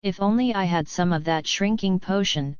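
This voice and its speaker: Bold playful boy hero, read by a woman, smooth low voice, dry lo-fi sound. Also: normal speed, no room sound, lightly acted. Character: bold cheerful boy hero who loves adventure.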